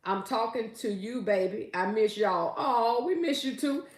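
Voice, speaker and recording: A woman's voice: on the high side, unhurried. Chatty woman in a roomy echo. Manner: chatty, reads viewer comments aloud, talks straight to viewers. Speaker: live stream host and gift basket maker. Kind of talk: casual live stream chat. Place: at home.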